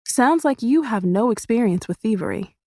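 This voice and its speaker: A woman voicing a gruff, weary male prisoner in an audiobook, speaking tersely and bluntly. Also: fairly high pitch, lively intonation, moderate pace, dark tone, no room sound, clean studio sound.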